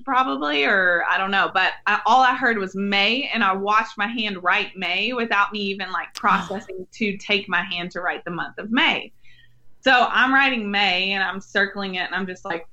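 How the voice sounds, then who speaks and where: A young woman, a podcast guest, telling a faith story earnestly and warmly, laughing now and then. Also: medium pitch, muffled recording. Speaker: podcast guest, women's ministry leader. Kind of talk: faith-based interview conversation.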